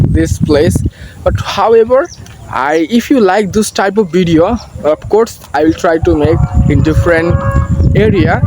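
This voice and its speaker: A young man with a Bangladeshi accent speaks earnest, halting English, restarting his sentences as he walks past paddy fields. His voice sits fairly high. He records on a phone on a selfie stick, and clear outdoor noise is heard behind him. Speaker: vlogger practicing English. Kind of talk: casual walking vlog.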